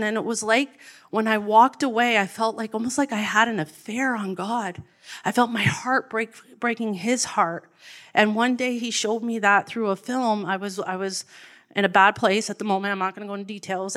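A woman's voice: mid-range voice, fairly bright tone. A woman, an addictions counselor, telling her personal faith story in a candid, emotional way. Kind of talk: personal testimony.

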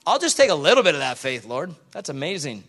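Male pastor, high bright voice, animated sermon with scripture reading and acted-out dialogue. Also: quick pace. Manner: animated, acts out the people in the Bible story.

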